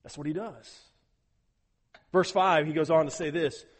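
A man preaching from the pulpit with a fairly high voice that swings between soft and loud. He doubles back on words as he drives each point home. The sound rings out in the long reverb of a big sanctuary. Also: fairly even intonation, a little slow. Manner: emphatic, repeats words while building a point. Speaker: pastor. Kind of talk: sermon.

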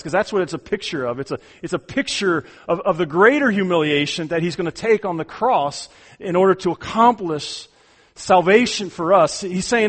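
Preacher guy going verse by verse, kinda high voice, emphatic, repeats himself when he leans in. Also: animated, brisk, husky. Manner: emphatic, repeats words when stressing a point. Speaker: pastor. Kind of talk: expository sermon.

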